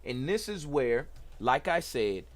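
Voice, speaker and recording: A middle-aged man hosts a casual livestream tech talk. He is excited and preachy, repeats himself and talks to the chat. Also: medium pitch, slow pace. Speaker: host.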